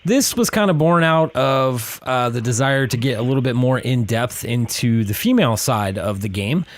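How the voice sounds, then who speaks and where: Male podcast host, medium pitch, upbeat, chatty, fond of a joke. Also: expressive, moderate pace. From Pacific Northwest. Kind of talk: casual podcast chat.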